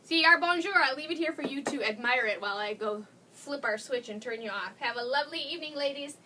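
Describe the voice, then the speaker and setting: A woman's voice: high-pitched, fast talker, distant mic, noisy background. A woman hosting a casual live craft demo, chatty and gushing, laughing often as she talks to viewers. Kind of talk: casual live-stream chat.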